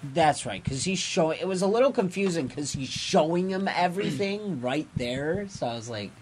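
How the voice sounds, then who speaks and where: A man's voice: a little high, moderate pace, a little hiss or hum. Giggly man recapping a comic. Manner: giggly, animated retelling of a comic, acts out quotes. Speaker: podcast co-host. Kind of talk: casual podcast chat.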